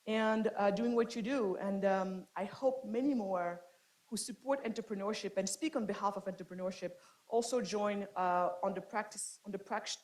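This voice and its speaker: A woman giving a lecture to an audience, impassioned, swinging from loud emphasis to soft, quiet asides. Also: mid-range voice, moderate pace, poor audio. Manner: frequent restarts and fillers. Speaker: guest lecturer. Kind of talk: speech to an audience.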